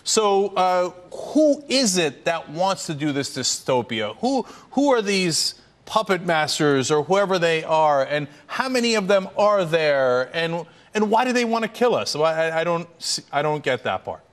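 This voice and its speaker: A man's voice: fairly high pitch, big pitch swings, a little slow, few pauses. A man hosting a talk show, interviewing a guest with skeptical, probing questions.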